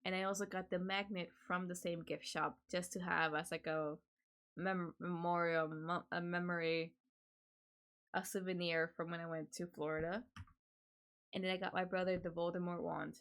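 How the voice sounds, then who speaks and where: A woman's voice: fairly low pitch, little pitch movement, moderate pace, fairly bright tone. A young woman streamer chatting casually at home, swearing a lot and laughing often. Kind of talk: casual chat.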